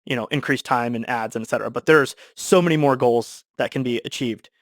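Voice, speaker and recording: A man speaking as a podcast guest, animated and quick, explaining with lots of fillers. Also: medium pitch, no room sound, studio quality. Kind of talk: casual discussion.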